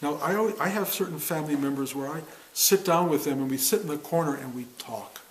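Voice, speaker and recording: Older guy teaching a meditation class, slow and reflective, faint noise behind. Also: fairly high pitch, poor audio. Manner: reflective, unhurried, with pauses and self-corrections. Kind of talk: spiritual talk to a class.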